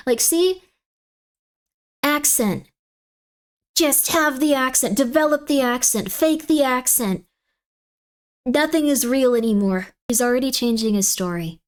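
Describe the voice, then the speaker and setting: A woman's voice: high voice, measured pace, long pauses. A woman streamer chatting casually on a livestream, rambling and playfully emphatic.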